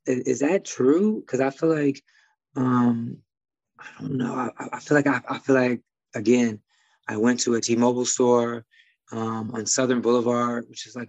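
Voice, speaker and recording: A man's voice: mid-range voice, creaky, a little mellow, no echo, muffled recording. A man from Detroit with a slight Midwest twang, a guest talking casually and rambling with many fillers and restarts. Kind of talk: casual conversation.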